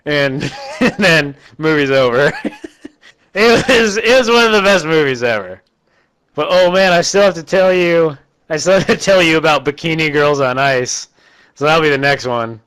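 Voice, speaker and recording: A man casually recapping a terrible movie for laughs, animated and laughing often as he acts out lines. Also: on the high side, moderate pace, smooth, rough recording. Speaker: movie reviewer.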